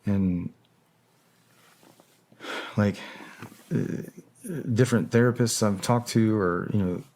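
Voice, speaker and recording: A middle-aged man as an interview guest, talking candidly and reflectively, often pausing to search for words. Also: lowish voice, a little mellow, a little hiss or hum. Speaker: interview guest, former special operator. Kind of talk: candid long-form interview talk.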